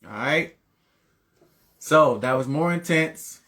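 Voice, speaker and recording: A man's voice: fairly high pitch, lively intonation, slow, pushed and bright. A man producing backing vocals, explaining the process in loose, casual chat with many stops and restarts.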